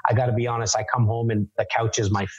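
A man in his forties speaks in a husky, slightly breathy voice, tripping over his words and repeating them as he restarts. The recording is dry and a little muffled, with no room sound. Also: mid-range voice, flat delivery, fast talker, a little mellow, dry recording. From Canada. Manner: repeats words often, many false starts. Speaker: podcast guest, real estate entrepreneur. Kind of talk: casual interview talk.

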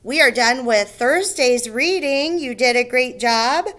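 Woman teacher going slow for little kids, kinda high voice, sounds out each syllable. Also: a bit bright. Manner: slow, clear, patient, stretching out words syllable by syllable. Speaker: first grade teacher. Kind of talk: recorded remote reading lesson.

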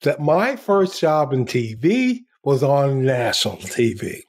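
Older male guest, animated raconteur, unhurried delivery, laughs often. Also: medium pitch. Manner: lively anecdotes, acts out quotes, laughs often. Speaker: guest, former TV journalist. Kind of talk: storytelling in a podcast interview.

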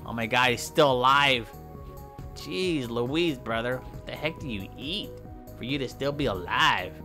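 A man's voice: lively intonation, a little slow. Goofy trash-talking man over game music. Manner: goofy, trash-talking, with sudden high yelps and shouts. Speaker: gameplay commentator. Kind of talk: comedic let's-play commentary.

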